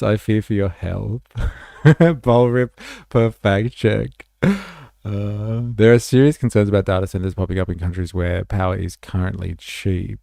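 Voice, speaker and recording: A man's voice: sits low, vocal fry, warm tone, dry recording, studio quality. A man hosting a livestream, giving casual, sardonic commentary on clips and reading chat aloud. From Australia. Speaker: livestream host.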